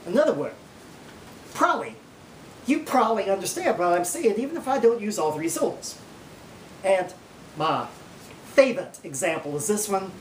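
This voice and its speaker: A man putting on a folksy Oklahoma naturalist who lectures in a slow drawl with an Oklahoma accent, his pitch swinging up and down as he makes each numbered point. The voice sits back from the mic in an echoey room. It is a comic mock lecture. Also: a little mellow, slight background noise. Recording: roomy, distant from the mic.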